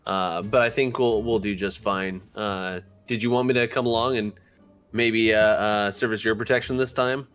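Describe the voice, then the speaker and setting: A low-voiced man speaks as a player in a tabletop game, measured and hesitant with frequent ums. Faint music plays quietly behind him. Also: steady tone, clean tone. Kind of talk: casual tabletop role-play.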